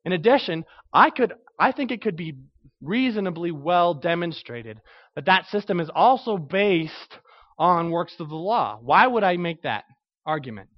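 A man's voice: high-pitched, animated, moderate pace, highs cut off. A man preaching a conversational sermon, asking his listeners questions and answering them. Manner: conversational, asks the audience questions. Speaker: pastor.

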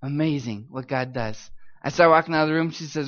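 Animated high-voiced man telling a story. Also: fast, dull audio. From United States. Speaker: missionary speaker. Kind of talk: church testimony talk. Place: church.

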